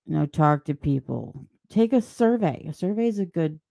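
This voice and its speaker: A woman's voice: deep voice, expressive, normal speed, vocal fry, dark tone, no room sound. A woman hosting a solo podcast, giving blunt, sarcastic opinions in a rambling way and mocking people with put-on voices. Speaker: podcast host.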